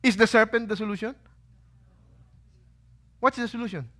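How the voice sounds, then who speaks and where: A man preaching a sermon with a bright, forceful voice pitched a little above most men's. He keeps asking his listeners questions and answers them himself. He acts out quotes as he goes. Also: moderate pace. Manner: lively preaching, rhetorical questions, acted quotes. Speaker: pastor. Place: holy site visit.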